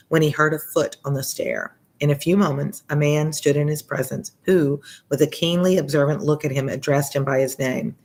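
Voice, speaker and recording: A tutor reading a classic novel aloud and breaking off for casual explanations, with frequent fillers. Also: medium pitch. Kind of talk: read-along with commentary.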